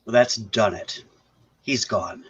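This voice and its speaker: A man giving a staged play reading as the affectionate companion of an aging actress, gently teasing and correcting her. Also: lowish voice, takes it slowly, highs cut off, a little hiss or hum.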